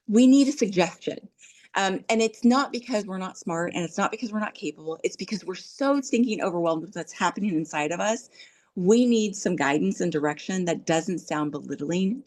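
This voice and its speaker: A middle-aged woman with a slightly mellow, medium-pitched voice hosts a podcast and offers earnest relationship advice in a casual, coaching manner. She acts out quoted dialogue as she goes.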